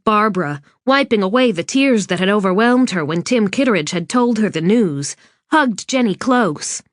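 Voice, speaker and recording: A woman narrating a suspense novel in a measured, even scripted reading. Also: medium pitch, dry recording. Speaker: audiobook narrator. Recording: dry studio read.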